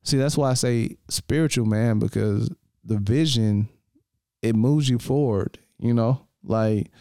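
A man's voice: medium pitch, unhurried, mellow, clean tone, dry recording, clean studio sound. A young man co-hosting a podcast in casual chat, laid-back, laughing often and calling people man and bro. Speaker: podcast co-host.

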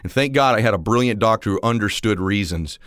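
A man in his forties giving a motivational talk, telling stories and acting out the dialogue, at times rising almost to a shout. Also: fairly low pitch, lively intonation, brisk, no echo, studio quality. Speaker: motivational speaker.

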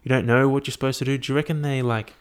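A man's voice: mid-range voice, very fast, clean tone. A young man, musing aloud in a casual, profane monologue full of fillers. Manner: profane, animated, thinks aloud with many fillers.

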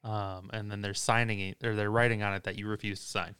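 A man co-hosting a loose, casual chat and telling his own story. His voice sits fairly low and sounds smooth and clear. He talks in an easygoing way and swears casually. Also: little pitch movement, quick pace, pushed and bright. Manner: laid-back, swears casually. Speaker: podcast co-host.

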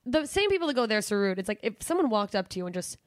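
A woman's voice: on the high side, very animated, no room sound, clean studio sound. A woman hosting a podcast, chatting casually and chiming in eagerly. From United States. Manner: quick interjections, eager agreement. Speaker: podcast host. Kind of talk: casual chat.

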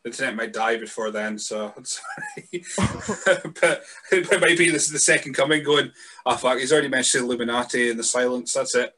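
Brief: male podcast host, laid-back and sweary, bright forward voice. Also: medium pitch, brisk, husky. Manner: easygoing, sweary, hesitant with fillers. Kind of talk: casual podcast chat.

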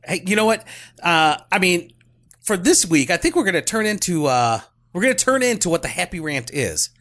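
A man's voice: high-pitched, big pitch swings, normal speed, a bit bright. Teasing podcast co-host, a man. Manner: teasing, wry interjections. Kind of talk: casual chat.

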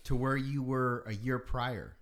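A man's voice: mid-range voice, steady tone, unhurried, a bit bright. A man hosting a podcast, asking long, rambling, reflective questions in casual talk. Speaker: podcast host. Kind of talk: casual interview.

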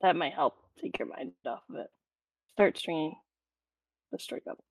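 A woman's voice: low-pitched, expressive, normal speed, gravelly, slightly rough, dry recording. A woman playing a tabletop role-playing game, blunt and teasing. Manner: blunt, teasing, matter-of-fact. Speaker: player.

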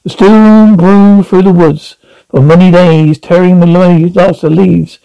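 A man reading a classic animal novel aloud, halting now and then with slips and restarts. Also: sits high, steady tone, gravelly, clean tone, muffled recording. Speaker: audiobook reader. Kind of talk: storybook narration.

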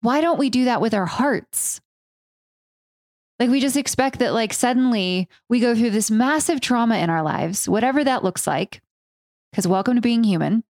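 A woman hosting a spoken-word storytelling show, talking intimately and earnestly with slow pauses, then reading her own poetry. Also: a little high, expressive, darkish tone, no room sound, clean studio sound. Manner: intimate, earnest, slow and pausing, with casual swearing. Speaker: host.

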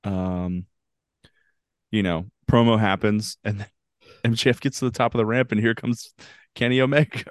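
A man co-hosts a casual wrestling podcast, joking loosely and moving the talk along from one segment to the next. His voice is fairly low. The recording is close and dry. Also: steady tone, normal speed, pauses often, no room sound. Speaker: podcast co-host.

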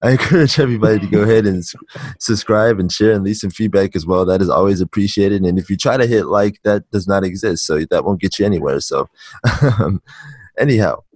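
A man hosts a laid-back interview podcast, his low voice still a bit rough from the morning. He chats easily, laughs often and fills pauses with ums. The sound is dry and close, with no room around it. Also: a little mellow, dry recording. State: shaking off morning voice. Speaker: podcast host. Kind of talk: casual interview chat.

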